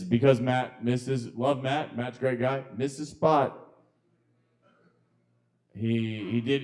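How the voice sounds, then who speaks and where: A man's voice: medium pitch, darkish tone. A man hosting a live poetry open mic, calling up performers in a loose, chatty way. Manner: loose, chatty, lots of ums and calling out names. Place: kava bar open mic.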